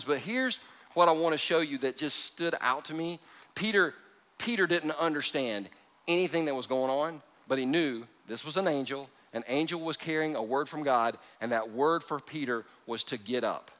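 High, bright-voiced animated preacher man. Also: normal speed. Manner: animated, swinging from hushed to loud, joking asides. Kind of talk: sermon. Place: church hall with a live audience.

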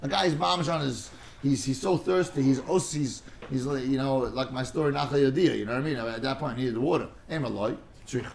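A man with a brisk, gravelly mid-range voice leads a casual study class, with a faint hiss or hum on the recording. He rambles off on tangents, trips over repeated words, and drops in Hebrew and Aramaic terms.

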